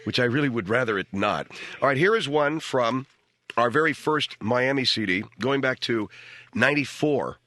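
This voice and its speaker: A man's voice: mid-range voice, animated, moderate pace, bright, forceful tone, dry recording. A man hosting a radio comedy show from a studio, chatting casually in a wry, self-deprecating way. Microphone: studio microphone.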